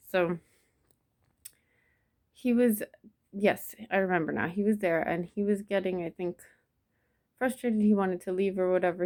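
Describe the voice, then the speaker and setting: A woman telling a personal memory in a soft, reflective way, with many pauses and restarts. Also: fairly low pitch. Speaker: vlogger. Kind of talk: personal storytelling to camera.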